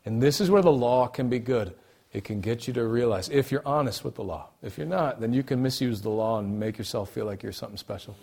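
A man preaching a sermon, swinging between hushed, quiet stretches and loud, emphatic bursts, repeating key phrases for emphasis. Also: mid-range voice, brisk, creaky, husky.

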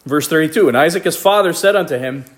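A man with a high voice reads Bible verses aloud in old-fashioned wording. Between the verses he explains them in a relaxed, joking way and laughs at his own asides. He sounds like a teacher leading a casual Bible study. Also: fast, a little hiss or hum. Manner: reads scripture aloud then comments with playful asides and laughs.

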